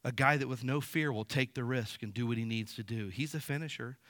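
A man in his fifties preaching a sermon in a casual, animated storytelling way, acting out quotes. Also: mid-range voice, brisk, no echo, studio quality. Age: 50s. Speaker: pastor. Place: church sanctuary.

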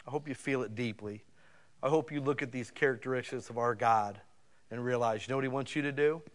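Speaking fairly quickly in a medium-pitched voice, a pastor delivers a homespun, conversational sermon. He talks straight to the congregation, with his delivery rising in emphatic swells.

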